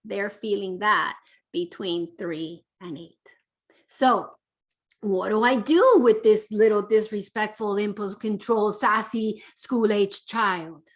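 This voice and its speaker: A woman, a parenting educator, teaching parents in a lively way, acting out little quotes and checking in with "right?". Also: medium pitch, takes it slowly. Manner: animated, acts out quotes, keeps asking "right?".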